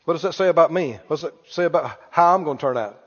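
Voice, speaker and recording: A man's voice: a little high, quick pace, husky, long reverb tail, dull audio. A man preaching a sermon in a church, emphatic and calling out questions for the congregation to answer.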